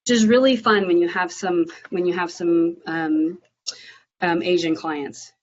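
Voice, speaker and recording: A woman's voice: lowish voice, fairly even intonation, unhurried, a little hiss or hum. A woman from Nashville, a real estate agent, chatting casually with lots of fillers about how she prospects and runs listing appointments. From Nashville, USA. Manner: chatty, filler-heavy, bright and upbeat on calls. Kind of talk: live prospecting calls and Q&A. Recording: muffled lo-fi audio.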